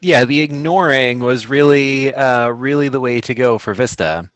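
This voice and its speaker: A man appearing as a guest dog trainer on a podcast, speaking in a measured, thoughtful way. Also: mid-range voice, no echo, faint music behind. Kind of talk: casual podcast conversation.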